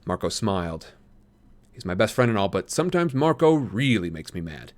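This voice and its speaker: A man streaming a read-aloud of a novel, chatty and friendly between chapters and steady when narrating. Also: on the low side, moderate pace, dry recording. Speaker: streamer reading a book aloud.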